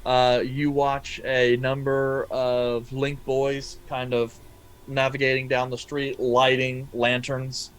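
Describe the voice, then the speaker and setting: A man narrating a tabletop game as game master, pausing often with ums and uhs. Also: medium pitch, monotone, clean tone, low-quality recording. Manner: hesitant, many ums and uhs.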